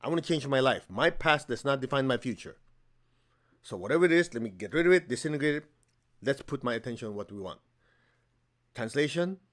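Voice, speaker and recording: A man giving a spiritual healing lecture as teacher, animated and often acting out little dialogues with a laugh. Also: medium pitch.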